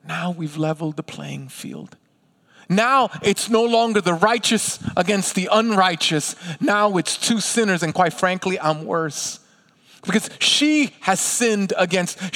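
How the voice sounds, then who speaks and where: A pastor preaching a sermon to his congregation, talking in an animated, conversational way and acting out little asides. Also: high voice, long reverb tail.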